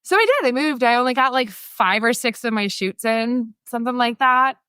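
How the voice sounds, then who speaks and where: A woman in her thirties telling stories as a photographer guest, chatty and animated, laughing often and acting out what people said. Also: a little high, normal speed, clean tone, no room sound. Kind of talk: casual storytelling interview.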